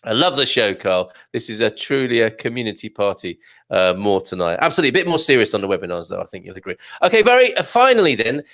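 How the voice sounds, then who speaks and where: A man's voice: fairly low pitch, lively intonation, fast, fairly bright tone. A man hosting a live morning show, reading out viewer comments in a chatty, jokey way, full of fillers and laughs. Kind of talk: casual live chat.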